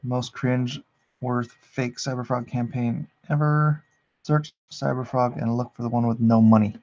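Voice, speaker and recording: A man's voice: medium pitch, measured pace, muffled recording, slight background noise. A man hosting a drawing livestream, chatting casually with viewers and reading the chat aloud with amusement. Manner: relaxed, chatty, reads the chat aloud and laughs at it.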